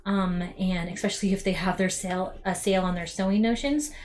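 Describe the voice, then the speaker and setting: Her voice is on the low side, steady and darkish in tone, and she talks a little fast. A young woman hosting a laid-back cosplay crafting stream from her home craft room, she speaks straight to "you guys" with plenty of ums, and there's slight background noise.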